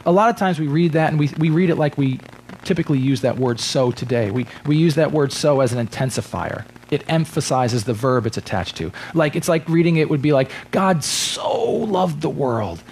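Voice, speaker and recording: A male pastor delivering a sermon in a church, his voice sitting a little higher than most men's. He preaches emphatically, drawing out the words he wants to land. A faint background noise runs under the recording. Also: a little mellow, low-quality recording. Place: church sanctuary.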